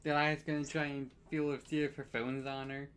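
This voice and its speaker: A player in a casual tabletop game, speaking in a lively, tentative way. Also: medium pitch, brisk, clean tone. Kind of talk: casual tabletop role-play.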